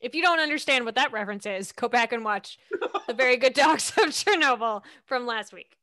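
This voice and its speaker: A woman's voice: on the high side, expressive, brisk, pushed and bright. A woman narrating a tabletop game as its game master, playful and amused.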